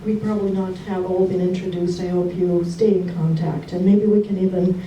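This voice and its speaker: Woman, memorial speech, fond storytelling, mellow voice, distant mic, echoey hall. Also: lowish voice, steady tone, fairly quick. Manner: fond, storytelling, laughs often. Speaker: widow giving a eulogy. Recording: distant, roomy hall sound with faint background noise.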